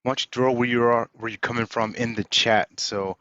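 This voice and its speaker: A man hosting an online session, playful and energetic, reading out audience shout-outs and introducing a guest speaker. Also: medium pitch, a little fast, no echo. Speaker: webinar host. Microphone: video call. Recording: dull lo-fi video call audio.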